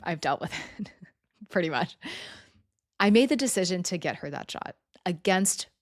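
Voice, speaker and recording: A woman's voice: on the low side, dry recording, clean studio sound. A young adult woman hosting a solo podcast, talking earnestly and conversationally with lots of "you know" and "right". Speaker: podcast host.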